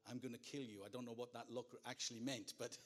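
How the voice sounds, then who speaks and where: A man preaching a sermon, telling a funny story with big swings between hushed and loud delivery. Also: mid-range voice, level tone, fast talker.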